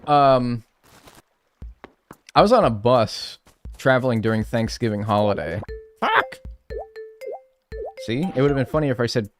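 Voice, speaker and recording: Lively, rambling male game streamer. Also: medium pitch. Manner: rambling, animated and joking. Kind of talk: casual live-stream gaming chat.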